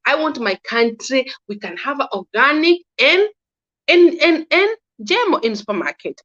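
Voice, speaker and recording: Her voice is high and a bit bright, with big pitch swings and a measured pace. This Kenyan commentator speaks earnestly in a casual monologue, often repeating herself and starting sentences over, captured in dull lo-fi sound.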